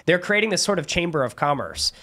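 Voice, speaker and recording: A man appearing as a guest on a talk show, giving an upbeat pitch for his business. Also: big pitch swings, quick pace, pushed and bright. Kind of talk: casual studio talk show.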